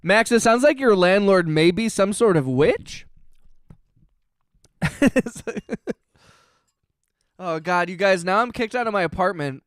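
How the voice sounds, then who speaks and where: A man's voice: high-pitched, expressive, slow pace, long pauses, clean tone, dry recording, clean studio sound. A man hosting a casual livestream, reading chat aloud and joking sarcastically. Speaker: livestream host. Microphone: close mic on stream.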